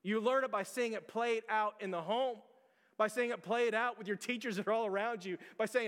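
High-voiced pastor preaching in a reverberant hall. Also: male voice, a little fast, fairly bright tone, smooth. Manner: earnest, repetitive rhetorical questions. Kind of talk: sermon.

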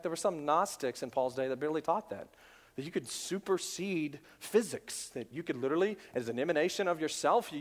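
A male pastor preaching a sermon, swinging from loud emphasis down to hushed near-whispers. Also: on the high side. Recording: long reverb of a large hall.

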